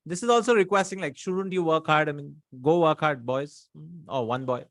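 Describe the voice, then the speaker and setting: A man teaching a grammar lesson, explaining quickly and checking in often with the students. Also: on the high side, a bit bright, no room sound, clean studio sound. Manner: quick explaining with frequent checks like "right?" and "hmm?". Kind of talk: recorded online lesson.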